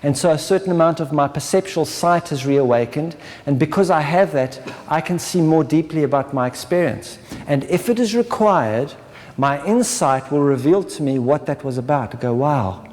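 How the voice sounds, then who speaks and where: A man's voice: fairly high pitch, animated, moderate pace, a little mellow. A man giving a spiritual workshop talk, often checking in with "right?" and acting out inner voices in short asides. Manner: checks in with listeners with a constant "right?". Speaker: workshop presenter. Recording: lecture hall with long reverb.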